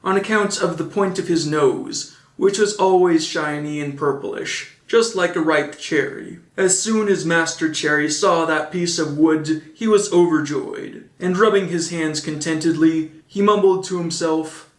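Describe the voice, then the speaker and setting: A man's voice: fairly high pitch, unhurried, few pauses, echoey room. A man narrating an old children's story and adding dry joking asides. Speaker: audiobook narrator. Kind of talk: casual storybook reading with asides.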